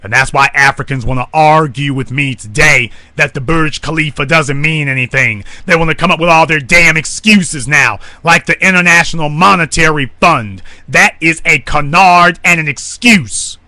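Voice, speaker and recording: Forceful ranting man commentator. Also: a little high, moderate pace, few pauses, no echo. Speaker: online commentator. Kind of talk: monologue broadcast.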